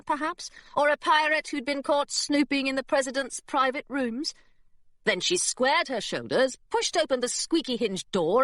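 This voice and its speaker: A woman narrating a children's adventure audiobook in an expressive storytelling manner. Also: mid-range voice, no echo. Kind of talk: scripted narration.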